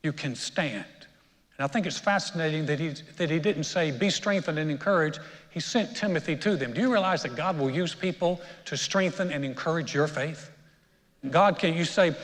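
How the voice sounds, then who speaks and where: Storytelling pastor in a reverberant church. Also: male voice, on the high side, normal speed, a bit bright. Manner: storytelling preacher, builds to emphatic peaks. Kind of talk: sermon. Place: church sanctuary. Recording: long reverb of a church hall.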